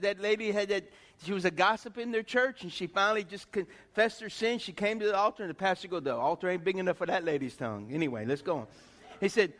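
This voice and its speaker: A middle-aged man preaching a sermon in a folksy, animated way, with chatty asides to the congregation. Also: high-pitched, in a large hall. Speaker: pastor.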